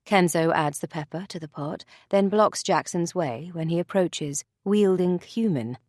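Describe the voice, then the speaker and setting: Low-voiced woman narrating a thriller. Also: unhurried, darkish tone, dry recording, studio quality. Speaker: audiobook narrator. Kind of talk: scripted narration.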